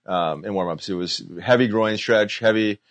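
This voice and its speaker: A man with a low voice co-hosts a casual hockey chat, asking questions in an easygoing, unhurried way with plenty of fillers. His voice sounds close and dry, with no room around it. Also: dry recording. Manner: relaxed, easygoing, lots of fillers. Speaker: podcast co-host and former hockey player.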